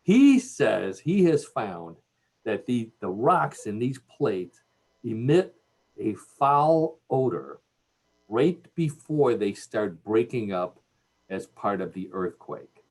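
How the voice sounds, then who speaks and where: Man, Cleveland accent, radio host, husky, animated pitch, jokey. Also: slow. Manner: jokey, laughs at his own jokes. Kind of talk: joking radio chat. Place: radio studio.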